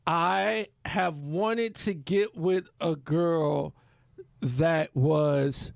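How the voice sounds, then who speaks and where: A man's voice: fairly high pitch, very slow, vocal fry, no room sound, clean studio sound. A man hosting a casual comedy talk show, chatting loosely and profanely with lots of laughter. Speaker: host. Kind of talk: casual comedy podcast chat.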